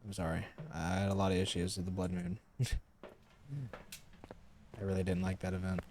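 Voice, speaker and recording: A man's voice: low-pitched, monotone, normal speed, a little mellow, slight background noise. A man streaming a game live, chatting casually, calling out to the ghost and grumbling about game updates. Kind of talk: casual live gameplay commentary.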